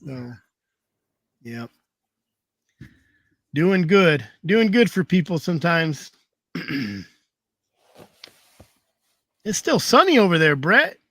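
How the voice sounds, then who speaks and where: Higher-pitched man swapping hunting stories on a video call, rambling and laughing often, dry sound. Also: sing-song, very slow, pauses often, bright, forceful tone, no echo. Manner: rambling, laughs through anecdotes. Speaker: hound hunter telling stories. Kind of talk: casual storytelling chat.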